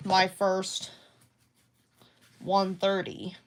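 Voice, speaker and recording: A woman speaks very slowly in a medium-pitched monotone, with background noise behind her, as she vlogs casually at home about her craft projects. Talking to camera, she rambles hesitantly and restarts often.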